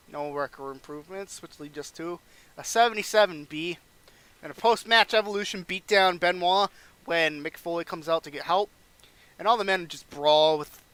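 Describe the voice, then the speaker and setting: A man's voice: fairly high pitch, sharp tone, smooth, dry recording. A young man casually narrating a wrestling management game playthrough, rambling and acting out characters' lines. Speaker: gaming channel host.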